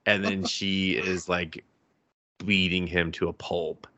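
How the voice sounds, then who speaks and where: A man co-hosting a podcast, recapping anime in casual chat, animated and swearing freely as he acts out scenes. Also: low-pitched, slow, dry recording, lo-fi sound. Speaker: podcast co-host.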